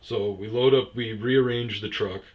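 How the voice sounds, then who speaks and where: A man telling a story casually, animated and swearing freely. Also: lowish voice, measured pace, dull audio.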